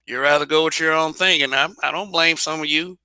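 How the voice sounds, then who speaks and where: A man holds forth alone in a blunt, casual monologue, swearing freely and tripping over restarts. His voice sits a little high and rings very bright, and the recording is dry and close. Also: steady tone, fairly quick, clean tone, no room sound. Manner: blunt, repetitive restarts, profane. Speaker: channel host.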